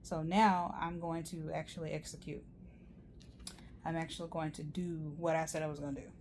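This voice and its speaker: Low, flat-voiced chatty woman tarot reader. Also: normal speed, noisy background. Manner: rambling and chatty, many fillers and asides. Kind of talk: casual tarot reading monologue.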